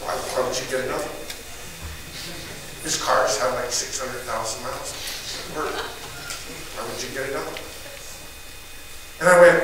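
Man, motivational speaker, animated storytelling, bright forceful voice, echoey hall, a bit off mic. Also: on the high side, normal speed, pauses often, slight background noise. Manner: animated, acts out his own past yelling. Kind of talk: live storytelling talk to an audience. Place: event room with audience. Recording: echoey room, mic at a distance.

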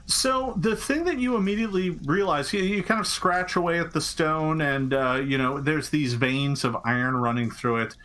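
A man's voice: fairly high pitch, moderate pace, few pauses, fairly bright tone. A man narrating as game master of a tabletop game, rambling with many fillers and restarts.

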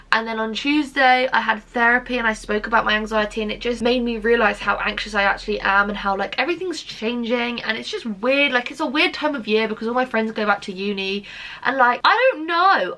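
A woman's voice: fairly high pitch, pushed and bright. A young woman talking straight to camera in a candid, self-mocking vlog, swearing freely. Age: young adult. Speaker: vlogger. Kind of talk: casual chatty vlog.

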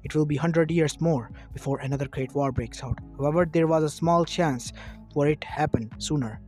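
A man's voice: fairly high pitch, moderate pace, a little mellow, faint music behind. A man reading a fan fiction story aloud as narrator, plainly, with occasional slips and restarts.

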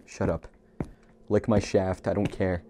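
A man's voice: low voice, flat delivery, unhurried. Guy playing a scary game, jumpy n joking, swears a lot, some faint noise behind. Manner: nervous, jokey and profane, talks to himself. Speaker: gamer. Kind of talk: horror game commentary.

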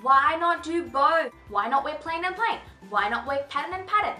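A high, bright young woman gushes through a casual fashion haul in a bubbly, chatty way. Her voice rings in an echoey room, with faint music playing underneath. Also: expressive, moderate pace. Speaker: fashion vlogger.

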